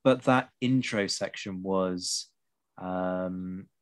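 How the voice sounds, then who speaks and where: Deep-voiced man, measured talk. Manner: measured, historian's asides, dry wit. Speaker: podcast host. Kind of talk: casual discussion while playing.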